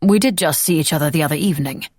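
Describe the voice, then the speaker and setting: A woman's voice: deep voice, racing, a little mellow, no room sound, clean studio sound. A woman voicing a guarded, blunt young Regency lord in an audiobook, plain and reserved. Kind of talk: audiobook character voice.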